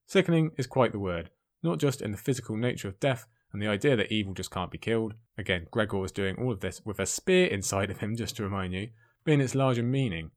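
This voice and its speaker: Excitable man reviewing a book. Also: fairly low pitch, quick pace. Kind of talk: enthusiastic book commentary with read passages.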